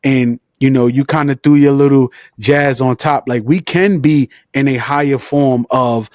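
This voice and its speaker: A man's voice: medium pitch, fairly even intonation, unhurried, a little mellow, no echo, clean studio sound. A man interviewing an author, talking in an enthusiastic, slangy, conversational way. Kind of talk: casual interview chat.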